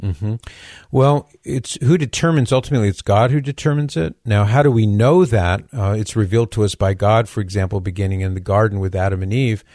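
Low-voiced guy hosting a call-in radio show, voice going a bit hoarse, calm and explaining step by step, dry close sound. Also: no echo. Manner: measured, explanatory. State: losing his voice. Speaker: radio call-in host answering questions.

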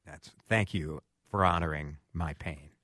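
A man hosting a radio talk show, telling a story in a casual, animated way and acting out quotes. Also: a bass voice, unhurried, no echo, clean studio sound.

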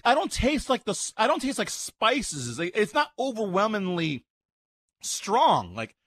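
A man on live radio tasting a sandwich and reacting with loud excitement, talking while he eats at home. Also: high-pitched, unhurried, breathy edge. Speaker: radio co-host. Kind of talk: live radio food review.

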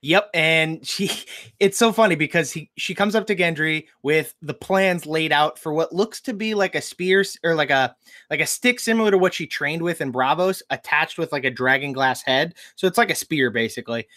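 A man co-hosting a casual TV recap chat, relaxed and quick to agree, retelling scenes with lots of "like". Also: fairly high pitch. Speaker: podcast co-host.

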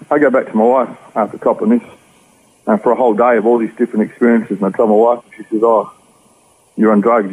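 An Australian interview guest gives a personal testimony, telling his story quickly in an earnest, rambling way. His low, husky voice comes through tinny and narrow, like a phone line on the radio.

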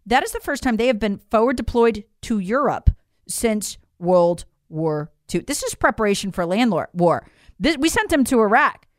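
A woman's voice: fairly high pitch, big pitch swings, moderate pace, dry recording, clean studio sound. A woman delivering an opinionated political monologue to her audience, emphatic and incredulous, often addressing listeners as folks. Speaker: political commentator.

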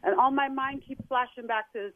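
A middle-aged woman calling in to a talk show, telling a personal story in an emotional, halting way. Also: high-pitched, no room sound. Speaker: guest caller. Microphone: phone. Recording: tinny phone line.

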